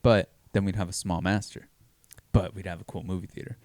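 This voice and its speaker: A man's voice: low voice, steady tone, a little fast, a little mellow, no echo. A man from Texas co-hosting a podcast, telling stories in a joking, freely swearing casual chat. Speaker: podcast co-host.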